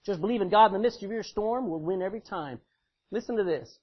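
A middle-aged man preaches a sermon in a high, husky voice, folksy and emphatic, rising to loud declarations and dropping to near-quiet asides. The recording sounds dull and lo-fi. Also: lively intonation, fast talker.

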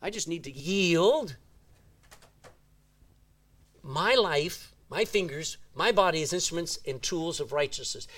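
A man's voice: a little high, expressive, slow pace, long pauses, a bit bright. A man preaching a sermon, reading scripture aloud and asking the congregation "Amen?".

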